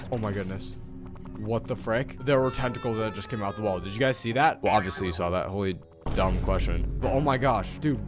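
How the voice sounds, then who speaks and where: A young man doing let's play commentary on a horror game, talking to viewers, often yelping and shouting. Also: fairly low pitch. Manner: jumpy, yelps and shouts often; talks to viewers, mild swearing. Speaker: gaming commentator.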